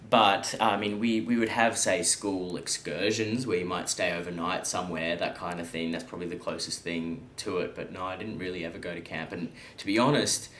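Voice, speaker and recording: A man's voice: low voice, steady tone, brisk, hardly any pauses, fairly bright tone. A young Australian man, an actor being interviewed, answering casually and easygoingly with frequent ums. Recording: echoey room with faint noise.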